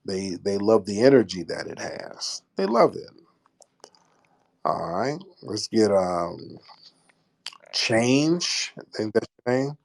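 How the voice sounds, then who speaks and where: A man's voice: fairly low pitch, big pitch swings, slow, gravelly, long pauses. A man hosting a live call-in room, bantering with callers in a crude, mocking, joking way.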